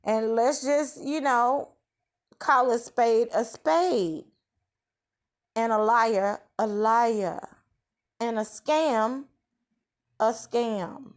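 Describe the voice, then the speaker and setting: A woman commenting on another creator's video in a deliberate, preachy way. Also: fairly high pitch.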